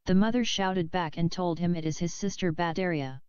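A woman reading a novel aloud in a measured, steady way, close to the mic, on a slightly dull lo-fi recording. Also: fairly low pitch, clean tone, dry recording. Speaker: audiobook reader.

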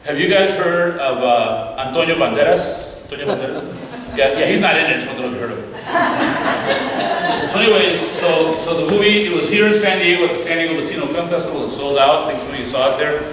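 A man from Mexico giving a lively storytelling talk to a church audience, acting out the voices in his anecdotes and often restarting his sentences. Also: a little high, brisk. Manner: animated storyteller who acts out quoted dialogue, many restarts. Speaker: guest speaker. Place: church hall. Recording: echoey hall, distant mic, faint hiss.

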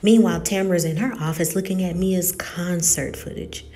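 A woman casually recapping a TV episode, retelling the story in an animated way. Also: fairly low pitch, normal speed. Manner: animated retelling with quoted dialogue. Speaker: TV recap host.

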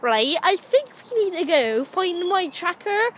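A woman's voice: extremely high pitch, sing-song, unhurried, a bit bright, slight background noise. A young woman chatting casually and crudely with a friend on a walk, teasing and joking. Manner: silly, crude, teasing, puts on voices.

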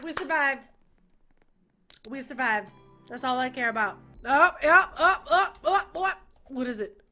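Super high squeaky young woman gamer, slow talker, shrieks and giggles at a horror game. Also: animated, sharp tone, soft background music. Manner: squealing, laughing, screaming in fright. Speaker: gaming youtuber.

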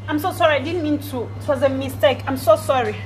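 A woman's voice: sits high, quick pace, low-quality recording. A woman playing a waiter, soothing and repeating reassurances in a scripted skit.

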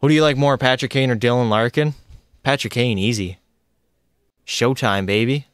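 A young man streaming a hockey video game, talking to his chat and his in-game teammates in an excitable, chatty way. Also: medium pitch, normal speed, clean tone, no room sound, clean studio sound. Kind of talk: live gameplay commentary.

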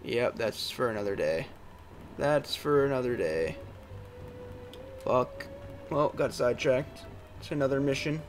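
A man's voice: mid-range voice, lively intonation, measured pace, long pauses. A young man hosting a let's-play, muttering, exclaiming and swearing at the game as he plays, with faint game music behind him. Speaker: gaming channel host. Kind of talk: casual let's-play commentary.

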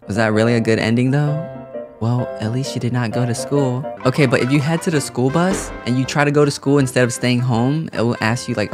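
A young man doing lively game commentary, laughing often and jumping high in pitch when excited. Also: brisk, music in the background. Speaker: gaming YouTuber.

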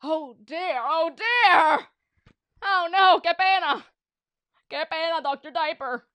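Woman putting on Doctor Diaper, a high, loud gloating villain. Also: animated, normal speed, clean tone, dry recording. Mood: flustered. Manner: grandiose, later flustered and embarrassed. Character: pompous villainous male cartoon scientist.

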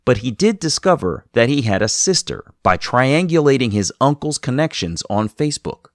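A man hosts a podcast and narrates a guest's story in measured, scripted passages. His pitch moves lively up and down. The recording is dry and close to the mic. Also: no room sound. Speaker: podcast host.

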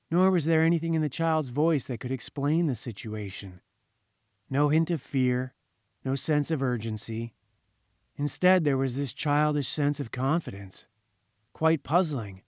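A man's voice: fairly high pitch, unhurried, darkish tone, dry recording, clean studio sound. Man reading an ominous story. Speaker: audiobook reader. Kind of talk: scripted narration.

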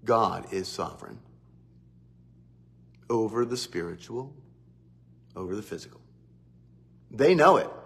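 A man giving a devotional Bible teaching, animated, who often acts out quotes. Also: medium pitch. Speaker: preacher.

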